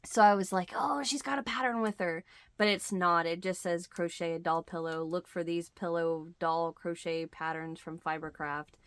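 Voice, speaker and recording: A middle-aged woman hosts a crochet channel, chatting casually to the camera and telling a story in which she acts out the quoted lines. Her voice is on the low side, smooth and fairly bright, with a steady tone at normal speed.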